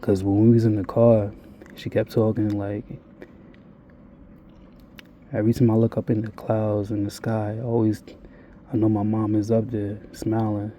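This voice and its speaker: This vlogger's confessional monologue is frank and wandering, loaded with swearing as he addresses his audience. He speaks at a normal speed with frequent pauses, his deep, dark, mellow voice staying even and barely shifting in pitch over a faint hiss or hum.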